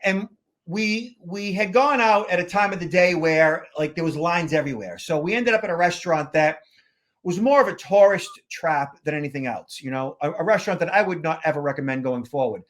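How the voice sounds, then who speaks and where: A man's voice: on the high side, fairly quick, a bit bright. A man, co-hosting a podcast and telling a long travel story in a rambling, casual way full of fillers. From Boston area, USA. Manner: rambling anecdotes with frequent fillers. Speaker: podcast co-host, security consultant.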